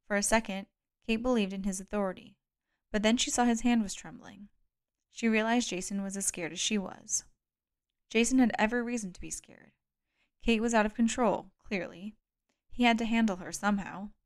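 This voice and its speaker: A woman reading a thriller audiobook aloud in a measured, calm storytelling manner. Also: mid-range voice. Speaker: audiobook reader. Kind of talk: scripted narration.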